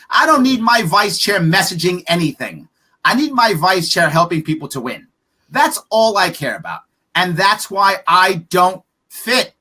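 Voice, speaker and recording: A man's voice: sits high, bright, forceful tone. A man being interviewed on a podcast as a political candidate, talking emphatically and bluntly, firing off rhetorical questions. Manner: profane, frank.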